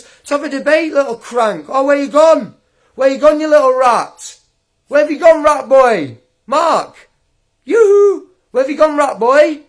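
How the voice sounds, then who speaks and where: On a livestream, a young man with a high-pitched voice goes on an angry rant, taunting and mocking his critic with combative scorn and breaking into laughter along the way.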